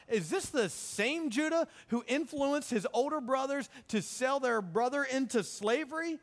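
A man's voice: very high-pitched, animated, unhurried, fairly bright tone. A man preaching a sermon, retelling a Bible story with jokes and acted-out lines. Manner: jokey, acts out the characters' lines. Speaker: pastor. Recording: hall reverb.

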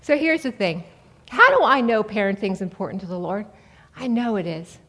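A woman in her forties preaching a sermon in a conversational, animated way to an audience in a large hall. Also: medium pitch, moderate pace. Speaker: speaker at a church. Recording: long reverb of a large hall.

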